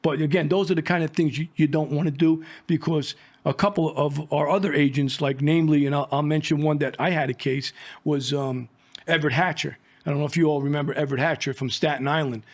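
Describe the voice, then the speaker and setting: A man's voice: a little high, fairly even intonation, fairly quick. A middle-aged man and former drug agent telling a war story in a rambling, profane, casual way, full of fillers.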